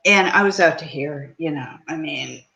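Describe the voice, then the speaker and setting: A woman's voice: low-pitched, normal speed, gravelly, bright, forceful tone. An older woman, a guest on an interview show, telling a personal story in a meandering way with many fillers. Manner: meandering, with fillers and quoted dialogue. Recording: dull lo-fi audio.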